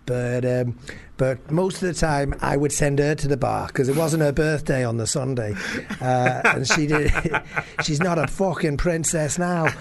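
A man's voice: a little high, measured pace, gravelly, crowd noise. A man co-hosting a comedy podcast, telling stories in a casual chat, laughing often and swearing freely. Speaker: podcast co-host.

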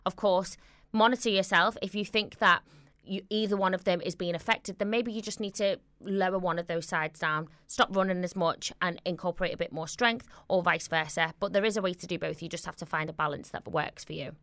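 A woman's voice: lowish voice, brisk, a bit bright, no room sound, studio quality. A young woman with a Scouse accent hosting a radio show, answering listener questions in a chatty, encouraging, rambling way. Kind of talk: casual advice chat answering listener questions.

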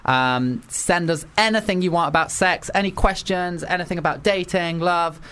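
A man hosting a casual radio chat show, chatty and quick to laugh. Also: sits high, fairly bright tone, smooth. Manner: chatty, giggly, jumps in often. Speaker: radio host.

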